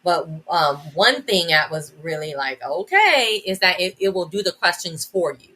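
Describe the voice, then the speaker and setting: A woman's voice: lowish voice, moderate pace, bright, forceful tone, slight background noise. A woman educator as a podcast guest, talking enthusiastically in a casual, rambling way with many restarts and "like" fillers.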